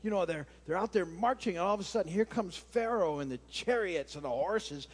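High-voiced man teaching the Bible. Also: animated, fairly quick, slightly rough. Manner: earnest reading, then loose and conversational with many fillers. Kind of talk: scripture reading then informal teaching.

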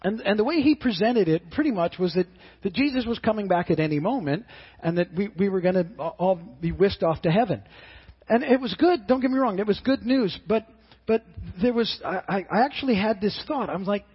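A middle-aged male pastor preaches in an earnest, halting way, his high voice husky and slightly rough. He stumbles and repeats words as he builds his point. The audio is muffled and lo-fi. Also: animated. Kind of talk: sermon.

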